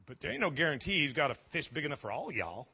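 A husky-voiced pastor jokes his way through a live sermon in the church sanctuary, stammering into restarts while his pitch rises and falls dramatically. His animated delivery is captured on dull, lo-fi audio.

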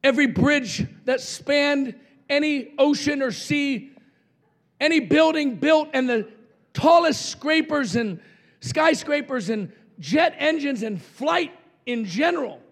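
Middle-aged man, fiery revival preacher; high gravelly voice, pushes the crowd to shout back. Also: expressive, slow pace. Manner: impassioned, shouting, calls for congregation response. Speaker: pastor. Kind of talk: revival sermon.

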